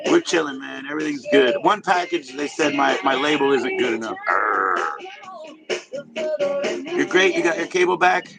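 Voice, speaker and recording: A man's voice: fairly high pitch, low-quality recording. A man hosting a live stream, chatting casually with viewers in a laid-back, slangy and profane way. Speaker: livestream host. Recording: music playing in the background.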